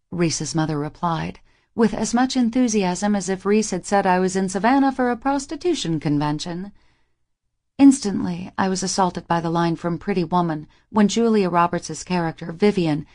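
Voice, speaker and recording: A young woman narrating a first-person romance audiobook in an intimate, even manner. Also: lowish voice.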